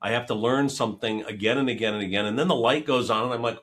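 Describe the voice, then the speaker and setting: A man's voice: mid-range voice, fast, few pauses. A middle-aged man, a financial planner, telling stories in an interview and acting out the dialogue he quotes. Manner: animated storyteller who acts out quoted dialogue. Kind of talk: conversational interview storytelling.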